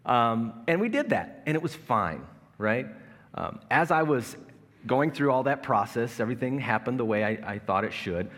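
His mid-range voice swings widely in pitch, with a fairly bright tone and moderate pace. A pastor in his thirties, he preaches conversationally in a large church, poking fun at himself through acted-out family stories, all under long hall reverb.

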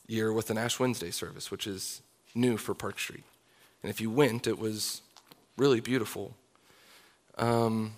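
A man in his thirties, a pastor preaching a sermon in an earnest, confessional way. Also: medium pitch. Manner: earnest, confessional, closing in soft prayer.

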